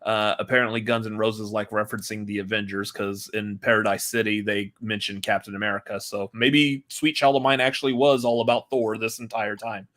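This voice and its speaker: A man's voice: fairly low pitch, little pitch movement, fairly quick, few pauses, fairly bright tone. A man hosting a movie podcast in casual, rambling chat, laughing often. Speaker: podcast host.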